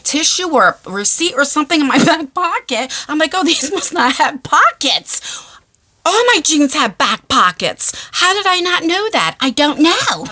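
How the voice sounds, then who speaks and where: A woman chatting casually in a storytime vlog, laughing and squealing as she tells an embarrassing tale. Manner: animated, laughing, breaks into high squeals. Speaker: vlogger. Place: parked car.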